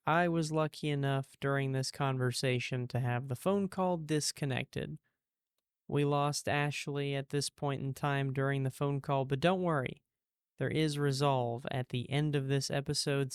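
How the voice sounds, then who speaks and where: A man's voice: mid-range voice, clear, resonant tone, no room sound, clean studio sound. A man hosting a podcast, chatting casually with wry jokes. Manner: joking, wry. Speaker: podcast host. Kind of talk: casual chat.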